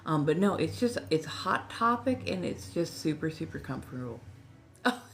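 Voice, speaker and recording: Low-voiced chatty Californian woman. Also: big pitch swings, normal speed, gravelly, a little hiss or hum. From Southern California. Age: 40s. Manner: chatty, rambling, effusive. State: slightly tipsy. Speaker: livestream host. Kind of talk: casual livestream chat. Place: friend's house.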